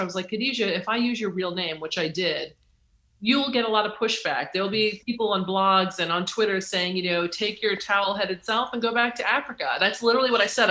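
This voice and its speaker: A woman's voice: medium pitch, pushed and bright. A middle-aged woman, an author talking as an interview guest, who acts out quoted dialogue with sudden leaps in voice and laughs as she tells stories. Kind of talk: animated interview conversation. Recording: roomy echo.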